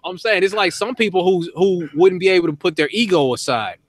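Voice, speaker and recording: A man's voice: high-pitched, fairly quick. A man hosting a casual live chat, talking in a laid-back, rambling way and laughing often. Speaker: host.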